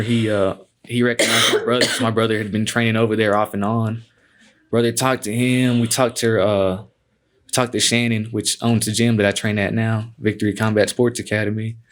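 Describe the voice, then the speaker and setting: A man guest telling stories in a laid-back, casual way, filling his talk with "man" and cuss words. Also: on the low side. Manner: laid-back, peppers speech with "man" and cussing. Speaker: guest, MMA fighter. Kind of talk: casual storytelling.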